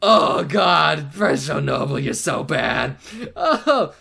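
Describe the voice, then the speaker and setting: Man, let's play host, excitable, laughing, swearing, high lively voice. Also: drawn-out words, creaky, slightly rough. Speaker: gaming channel host.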